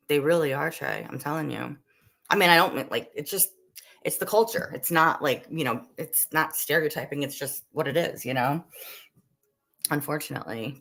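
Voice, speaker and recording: A livestream host from the Northeastern United States chats casually with viewers while cooking, answering their comments in a rambling way full of "like" and "um". Her voice is low-pitched and gravelly yet a bit bright, at a normal speed.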